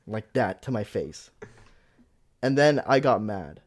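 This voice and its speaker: A man's voice: on the low side, takes it slowly. A young man co-hosting a podcast, telling a story in casual chat, full of filler words, and acting out the people he quotes. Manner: animated storyteller, heavy "like" filler, acts out quotes. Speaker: podcast co-host.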